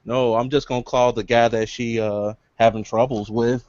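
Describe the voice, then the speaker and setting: A man's voice: mid-range voice, flat delivery, normal speed, darkish tone, no echo. A man playing a tabletop game, casual and joking, often laughing between lines. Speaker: player. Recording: dull lo-fi recording.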